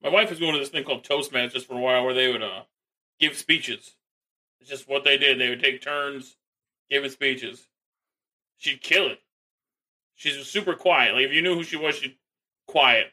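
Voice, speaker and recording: A man's voice: medium pitch, normal speed, sharp tone, rough recording. A man co-hosting a podcast in casual chat, dropping dry quips and telling plain stories. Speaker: podcast co-host.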